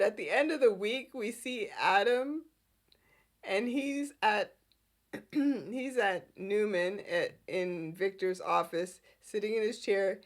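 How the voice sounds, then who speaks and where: A woman hosting a podcast and recapping a soap opera in casual, animated chat with frequent giggles. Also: mid-range voice. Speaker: podcast host.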